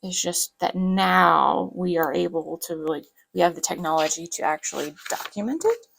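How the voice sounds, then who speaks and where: Chatty low, gravelly woman with a light Southern accent. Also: expressive, normal speed, a bit bright, slight background noise, poor audio. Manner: rambling, chatty, lots of fillers. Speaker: planner vlogger. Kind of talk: casual chat while decorating a planner.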